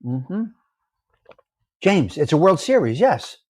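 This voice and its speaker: A man's voice: a little high, slow, no echo, clean studio sound. A man hosting a casual live chat, greeting viewers by name and teasing them about their comments. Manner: animated, teasing, reads out viewer names and comments. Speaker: livestream host.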